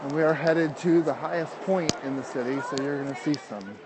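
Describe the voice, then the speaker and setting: A slightly high-voiced American man talks into his phone while climbing steep streets outdoors. He is winded but keeps up an easy, chatty livestream patter with his viewers. Faint outdoor ambience sits behind him. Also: brisk, noisy background. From United States. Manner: chatty, answers viewer comments while walking. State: out of breath from climbing. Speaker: vlogger. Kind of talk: casual livestream chat.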